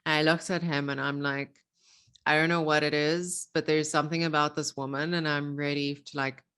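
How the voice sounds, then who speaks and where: A woman's voice: low voice, level tone, moderate pace, fairly bright tone, clear, resonant tone. A young woman coach, a guest on a podcast, talking in a casual, heartfelt way, gushing and laughing. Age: young adult.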